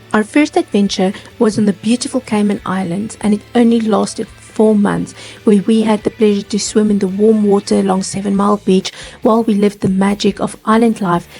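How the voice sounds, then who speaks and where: A middle-aged woman with a South African accent talks through her travel footage in a relaxed vlog voice-over. She speaks from home at an even middle pitch. Her tone is warm and full of enthusiasm for everything green. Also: slightly rough, rough recording. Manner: warm, gushing enthusiasm about plants. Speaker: travel vlogger. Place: seated at home, recording voice-over.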